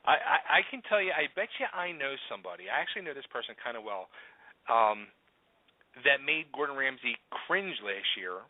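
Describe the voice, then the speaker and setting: A man hosting a radio interview in a relaxed, conversational way. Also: mid-range voice, brisk, no room sound, phone-quality sound. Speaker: radio show host.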